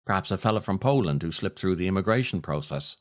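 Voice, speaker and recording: A man hosting a podcast and reading his own essays aloud, unhurried and reflective, with a wry, dry humor. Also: deep voice, expressive. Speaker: podcast host.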